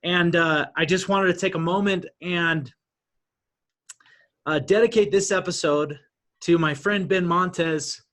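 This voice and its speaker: Male host with a high voice for a live video-call speaker series, upbeat and sincere. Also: measured pace, a bit bright. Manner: enthusiastic, then emotional during tribute. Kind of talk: live online event hosting.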